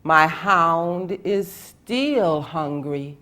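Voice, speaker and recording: A woman's voice: expressive, bright, forceful tone, exaggerated voice. A woman playing a stern, commanding god. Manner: slow, booming pronouncements.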